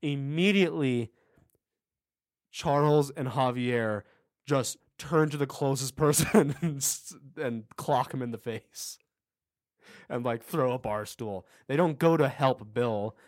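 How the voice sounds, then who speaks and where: A man's voice: mid-range voice, takes it slowly, no echo, clean studio sound. A man co-hosting a podcast in casual chat, enthusiastically retelling game scenes. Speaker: podcast co-host.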